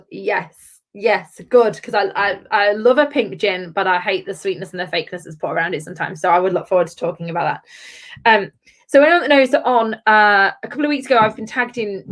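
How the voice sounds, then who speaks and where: A woman hosting a chatty live-stream gin review from home, effusive and talking straight to her viewers by name. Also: medium pitch. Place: at home, with her children wandering in.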